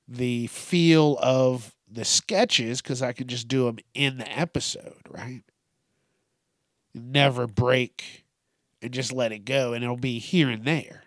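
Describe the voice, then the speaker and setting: A man hosting his own comedy podcast, talking at an unhurried, drawn-out pace. He rambles loosely, swears freely and laughs at his own tangents. The recording is close and dry. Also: medium pitch, no room sound. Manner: loose, profane, rambling, self-amused. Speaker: podcast host.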